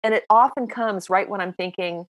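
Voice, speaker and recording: A woman in her sixties, a podcast guest telling stories in a casual, lively, self-mocking way. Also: medium pitch, normal speed, no room sound. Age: 60s. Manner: lively, self-mocking storyteller who acts out dialogue. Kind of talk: casual interview storytelling.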